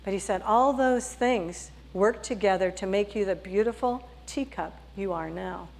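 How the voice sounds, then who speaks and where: A woman pastor voicing a gentle, patient male potter in a sermon story, speaking low, soft and steady. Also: normal speed, creaky, slight background noise, lightly acted. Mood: tender.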